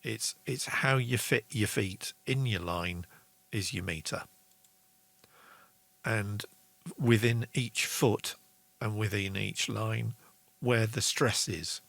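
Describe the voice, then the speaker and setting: Slow, gravelly-voiced man teaching songwriting. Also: lowish voice, a bit bright, dry recording. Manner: chatty and enthusiastic, reads viewer comments aloud, sings rhythm syllables. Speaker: songwriting show host. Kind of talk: casual online songwriting lesson.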